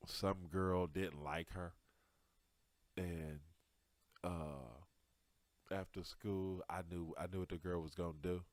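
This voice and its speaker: Guy telling a funny story on his podcast, slow drawl, cusses a lot, keeps laughing, gets loud then real quiet. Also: low voice, dry recording. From Detroit area. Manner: animated, laughs through his own story, profane, swings between loud and hushed. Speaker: comedian podcast host. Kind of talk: comic storytelling.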